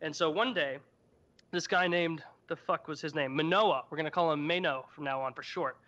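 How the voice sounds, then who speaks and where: A young man on a podcast tells a story casually with irreverent, profane jokes. His voice is high and bright. The audio is dull and lo-fi. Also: normal speed. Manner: irreverent, profane, joking retelling. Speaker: podcast co-host.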